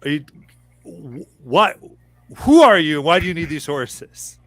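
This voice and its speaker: A woman's voice: sits low, sing-song, slow, no room sound, pitched above the performer's own voice, full character voice. A man voicing a ragged, very old elven stablewoman who answers brusquely and dismissively. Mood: irritated.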